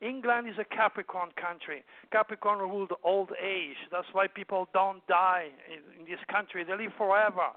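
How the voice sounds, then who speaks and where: A man's voice: sits high, steady tone, normal speed, no room sound. An older man from France with a French accent, speaking as an astrologer guest on a radio call-in show, lecturing emphatically and rambling with plenty of fillers. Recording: dry, tinny phone line.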